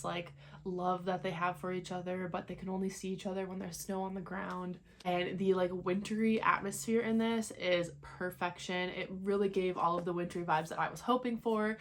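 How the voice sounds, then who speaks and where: A woman's voice: fairly low pitch, slight background noise. Chatty young woman vlogging books. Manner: chatty, many "like" fillers, laughs easily. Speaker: book vlogger. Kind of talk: casual reading vlog chat.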